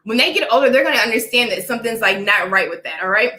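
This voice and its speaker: A woman's voice: a little high, lively intonation, fast talker, pushed and bright, roomy sound, rough recording. A young adult woman with a dry cough from allergies, preaching her opinions to live chat and often asking "all right?". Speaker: vlogger talking to live chat. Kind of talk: casual opinion livestream.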